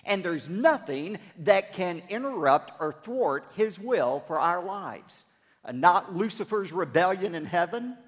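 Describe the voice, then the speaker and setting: A pastor with a high, fairly bright voice preaches a sermon emphatically, leading the congregation in repeated phrases. It's recorded in a church sanctuary, so the sound is big and roomy.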